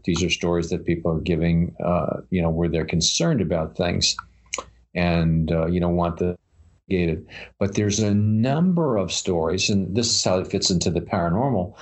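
A man co-hosting a casual chat about paranormal stories, rambling with many fillers and restarts. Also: low voice. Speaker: podcast co-host.

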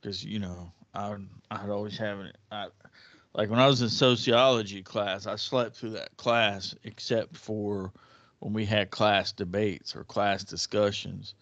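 A man's voice: on the low side, steady tone, measured pace, a bit bright, dry recording. Man, casual storytelling, rambling with restarts, dry dull lo-fi sound.

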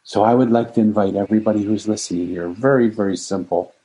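A man's voice: fairly low pitch, steady tone, fast, dark tone, low-quality recording. A man telling an inspirational story in an earnest, emphatic way, stacking repeated phrases. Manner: earnest, repetitive, emphatic lists. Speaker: speaker.

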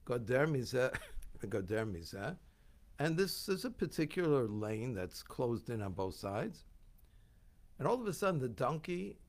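A man giving a sermon, telling a biblical story with lively asides and putting on voices for its characters. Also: mid-range voice. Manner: animated, acts out voices in the story.

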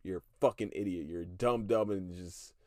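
A man's voice: sits low, normal speed, mellow, dry recording, studio quality. A man in his thirties hosting a solo podcast, ranting with heavy profanity and breaking into laughter. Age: 30s. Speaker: podcast host.

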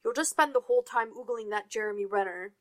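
Woman doing a loud, mocking male office worker. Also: fairly high pitch, quick pace, natural voice. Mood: grumbling.

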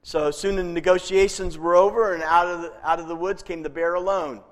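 A man's voice: sits high, fairly even intonation, a little fast. A male pastor preaching a sermon in a chatty way, chuckling at his own jokes. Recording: long reverb from a hall.

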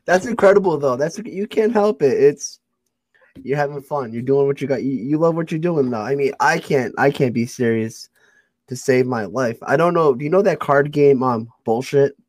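A young man chats as an interview host, quick to joke at his own expense and to laugh. His voice sits at an ordinary pitch, recorded close and dry with no room sound. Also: dry recording. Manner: joking, self-deprecating, laughs often. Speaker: podcast host. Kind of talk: casual interview chat.

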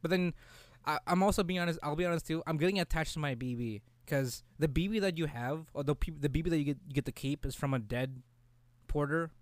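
Young guy, rambling and profane game chat, smooth tone, acts out bits of dialogue. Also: fairly high pitch, no echo. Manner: rambling, profane, acts out characters in quick voices. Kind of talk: casual chat about a video game.

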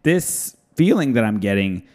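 A man co-hosting a podcast, trading deadpan dark jokes in a low mumble during casual banter. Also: moderate pace. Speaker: podcast co-host.

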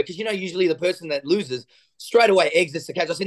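Excitable man telling stories. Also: high-pitched, fast talker. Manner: excitable, acts out the voices in his stories. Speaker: jiu-jitsu coach and guest. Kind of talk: animated storytelling in a podcast interview.

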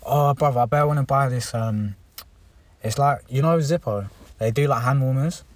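A man's voice: mid-range voice, normal speed, dry recording, far from the mic. A young man, co-hosting a podcast in casual chat, laid-back and slangy, swearing freely, recorded inside a car. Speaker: podcast co-host.

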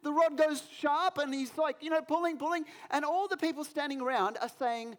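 Male pastor, high-pitched, animated sermon storyteller with self-mocking humor. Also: brisk, few pauses.

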